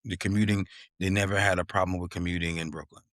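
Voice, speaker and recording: Podcast host, young New man, low voice, dry close mic, animated storyteller. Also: quick pace, dry recording. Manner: animated, acts out quotes in a raised voice, drops "yo" and "you know what I mean". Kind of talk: casual storytelling chat.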